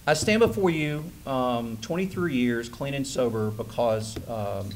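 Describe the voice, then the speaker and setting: A man in his forties giving a conference keynote, telling a personal story with lively, acted-out dialogue. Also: medium pitch, measured pace, a little hiss or hum. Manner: animated storyteller who acts out quoted dialogue. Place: conference hall stage.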